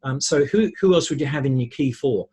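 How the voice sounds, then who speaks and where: Man, podcast guest, storytelling, husky tone. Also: medium pitch, a little fast. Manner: animated, anecdotal, explains with examples. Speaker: podcast guest, relationships speaker. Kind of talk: conversational storytelling.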